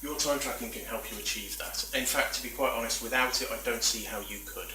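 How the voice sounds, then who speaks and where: A man's voice: mid-range voice, brisk, very noisy. A man giving a chatty, self-deprecating talk at a meetup, full of rambling asides. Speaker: conference speaker. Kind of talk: presentation talk. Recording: echoey room from far off.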